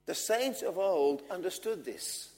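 A man preaching a sermon, earnest and measured, driving his points home with repetition. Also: sits high, animated, darkish tone. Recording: long hall reverb.

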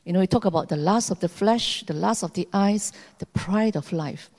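A woman preaching a sermon, earnest and measured, with long pauses between phrases. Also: mid-range voice, darkish tone. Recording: long hall reverb.

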